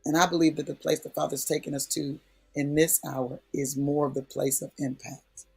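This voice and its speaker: A man with a husky, slightly breathy voice pitched a little high preaches in a relaxed, conversational way. He leans on repetition and punchy emphasis to drive each point home. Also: moderate pace, soft background music. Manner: folksy, emphatic, repeats key phrases. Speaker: prayer speaker. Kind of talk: conversational preaching in a prayer session.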